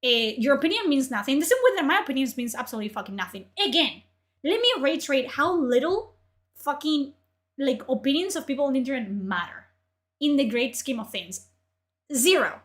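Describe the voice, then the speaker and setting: A woman streamer ranting in profane, exasperated commentary, her voice strained from yelling. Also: sits high, big pitch swings, a little fast.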